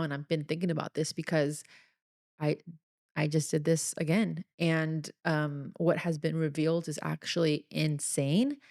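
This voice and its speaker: Low gravelly-voiced woman podcaster. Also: dry recording, studio quality. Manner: chatty, earnest, confessional storytelling. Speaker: podcast host. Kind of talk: solo podcast storytelling.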